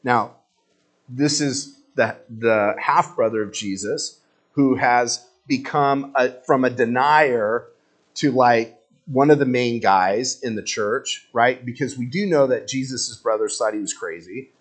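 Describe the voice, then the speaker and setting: A man giving an informal sermon, telling the story in a conversational, animated way with casual slang. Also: medium pitch, slow. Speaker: preacher.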